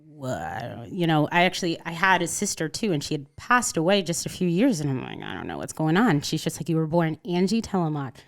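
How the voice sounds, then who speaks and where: A woman's voice: sits low, very animated, fast, hardly any pauses. A woman in her thirties from Connecticut, a podcast guest telling a personal story in casual conversation and acting out the voices of people in it. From Connecticut, USA. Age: 30s.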